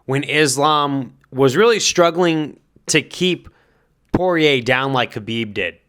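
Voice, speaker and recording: A man speaking in a smooth, resonant voice at a middling pitch, talking through a fight matchup. He thinks aloud, hedges his guesses and turns to give direct advice. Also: expressive, takes it slowly, fairly bright tone. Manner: speculative, hedging, thinking aloud. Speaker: fight commentary vlogger. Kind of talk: casual spoken commentary.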